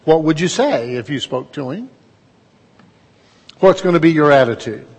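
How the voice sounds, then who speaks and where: A man's voice: a little high, lively intonation, normal speed, breathy edge, long reverb tail. A middle-aged man, preaching a conversational sermon in a folksy, storytelling way and putting questions to his listeners.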